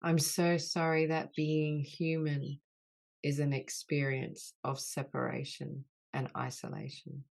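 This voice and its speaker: A woman guides a healing session on an online group call, repeating gentle phrases. Her voice sits low with a gravelly fry, and she speaks in an unhurried, soothing way. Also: flat delivery. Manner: slow, soothing, repetitive apology phrases. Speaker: soul mentor leading a healing call.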